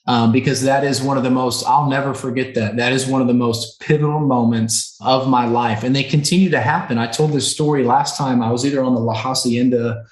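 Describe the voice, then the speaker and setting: A man's voice: medium pitch, fairly even intonation, brisk, few pauses. A man in his thirties, a podcast guest telling a personal story in an earnest, emotional way, often checking in with "right?" and "okay?". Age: 30s. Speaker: podcast guest, recovery center co-owner. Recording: roomy echo on the voice.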